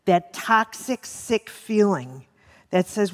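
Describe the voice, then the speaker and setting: With long pauses and a slightly slow pace, a woman talks live about healing to a lecture-hall audience, her mid-range voice full of lively intonation. She jokes with listeners and repeats words for emphasis, and the room adds a long reverb.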